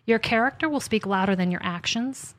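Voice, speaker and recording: A woman author and podcast host in casual faith conversation, chatty and animated, acting out her talks with God in little asides. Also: on the high side, brisk.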